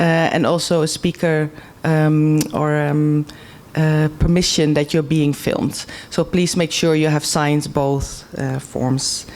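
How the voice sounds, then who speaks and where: A woman organizing a workshop, giving halting housekeeping announcements into a microphone at the venue. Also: deep voice, darkish tone. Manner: halting, hesitant.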